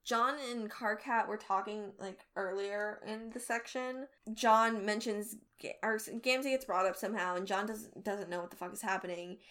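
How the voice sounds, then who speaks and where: A woman's voice: medium pitch, fairly even intonation, normal speed, hardly any pauses, fairly bright tone. A young woman chatting casually with a friend, gushing and emotional, often laughing. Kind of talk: casual fan podcast chat.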